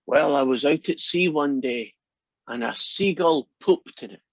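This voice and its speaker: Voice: medium pitch, a little slow, no echo, highs cut off. A teacher voicing an old male pirate in a joke told during an online class, with a plain, matter-of-fact delivery. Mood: gruff.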